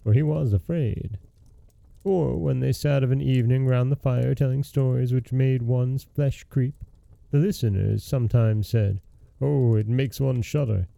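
Brief: male fairy-tale reader, dark gravelly voice, very dry close recording. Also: mid-range voice, no room sound. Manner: measured storybook narration. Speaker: storyteller host. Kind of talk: reading a fairy tale aloud.

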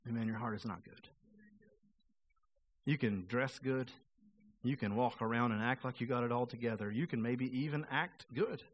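A man's voice: mid-range voice, moderate pace, pauses often. A male pastor preaching a sermon in a casual, conversational way, acting out quoted voices of the people he talks about.

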